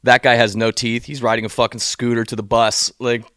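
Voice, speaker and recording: This is a young male podcast co-host, medium-pitched and fairly quick, heard in clean studio sound with no echo. He tells a long story casually, swearing freely and animatedly acting out what people said.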